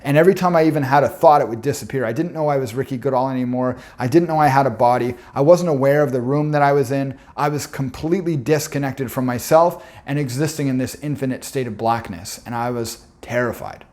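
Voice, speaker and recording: A man's voice: mid-range voice, quick pace, few pauses, a little mellow. A young man telling a personal story in an earnest, intense way, often stopping to restart his words.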